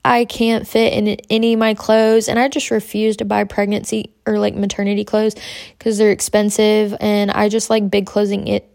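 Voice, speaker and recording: A woman's voice: medium pitch, monotone, moderate pace, gravelly, a little mellow, dry recording, clean studio sound. A young pregnant woman, hosting a podcast and chatting candidly in a rambling, casual way. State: pregnant, about twenty-two weeks. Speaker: podcast host.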